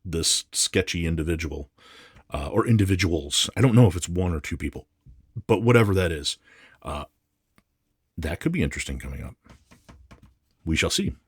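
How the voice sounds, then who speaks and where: A man's voice: low voice, expressive, moderate pace, pauses often, breathy edge, no echo, clean studio sound. A man vlogging while unboxing comics, grumbling and swearing in a casual, exasperated rant. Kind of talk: casual ranting unboxing vlog.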